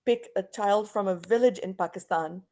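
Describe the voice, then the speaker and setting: A middle-aged woman from Canada leads an online English lesson over a video call. She talks emphatically, working through example sentences and restarting her phrases as she thinks. Her pitch sits in the middle range for a woman. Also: moderate pace, mellow. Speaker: English teacher.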